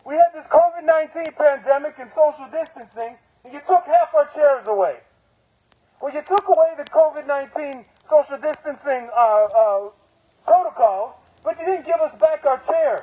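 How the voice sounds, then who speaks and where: A man's voice: very high-pitched, phone-quality sound. A man speaking as a union steward at an outdoor protest, angrily firing off rhetorical questions and curses. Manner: angry, profane, rapid rhetorical questions. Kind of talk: protest speech.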